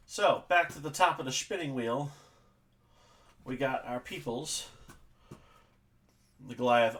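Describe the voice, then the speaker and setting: A man narrating as game master of a tabletop game, animated and quick to laugh. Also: medium pitch.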